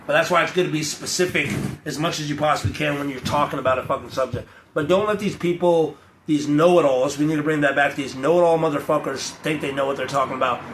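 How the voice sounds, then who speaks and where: A young man launches into a blunt, swearing rant, slipping into mocking voices of the people he argues with. His voice sits a little high, and the sound bounces around an echoey space. Loud ambient noise hangs behind him. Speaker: vlogger. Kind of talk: profane off-the-cuff rant.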